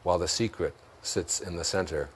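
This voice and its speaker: A man's voice: low voice, brisk, a little hiss or hum. A man with a Detroit accent talking as an interview guest, reflective and storytelling, laughing often as he talks. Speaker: interview guest, self-help author. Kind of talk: conversational talk.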